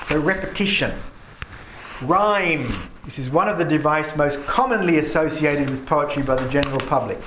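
A man lectures a class on poetry, reading lines of verse with heavy, deliberate emphasis on the stressed words. His voice sits a little higher than most men's. The room is echoey, with a faint hum of ambience behind him. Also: a bit bright. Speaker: teacher.

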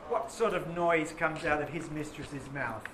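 A male English teacher leading a lively classroom lesson on a poem, questioning his students and reading verse slowly. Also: on the high side. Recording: echoey classroom with faint noise.

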